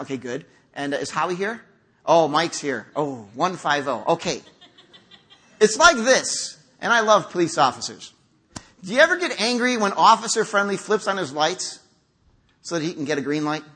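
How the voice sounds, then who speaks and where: A man's voice: sits high, sharp tone, slightly rough. A middle-aged man preaching a conversational sermon in a church, acting out quotes as he goes. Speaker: pastor. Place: church sanctuary.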